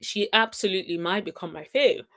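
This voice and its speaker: A woman's voice: mid-range voice, fairly quick, a bit bright. A woman hosting a reality TV recap, reacting to clips in a chatty, sassy way and humming "mm-mm-mm" in approval. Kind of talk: casual commentary on show clips.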